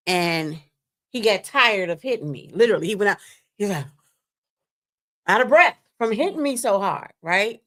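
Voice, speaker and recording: A woman telling a painful personal story on a live stream, animated and speaking straight to her listeners. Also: medium pitch, normal speed, long pauses. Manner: animated, acts out quoted voices, addresses listeners as "you all". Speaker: guest sharing a testimony. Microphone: remote stream mic.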